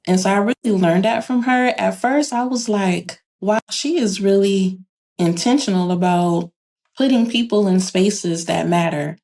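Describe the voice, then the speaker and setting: A woman's voice: mid-range voice, a little slow. A woman guest on a podcast chatting casually and telling stories, acting out quoted dialogue with animation. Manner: animated storyteller who acts out quoted dialogue. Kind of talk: casual chat.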